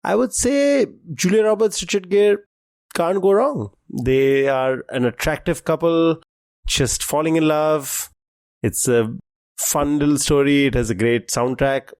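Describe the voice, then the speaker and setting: A man's voice: fairly high pitch, unhurried, a little mellow, clean tone, no room sound. Chatty, enthusiastic man co-hosting a quiz podcast. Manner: chatty, enthusiastic, thinks aloud. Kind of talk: casual chat.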